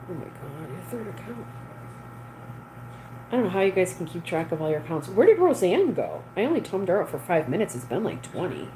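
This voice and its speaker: A woman hosts a casual livestream, chatting with viewers and reading their comments aloud. Her voice is on the low side with a dark tone, and the rough recording carries a little hiss or hum.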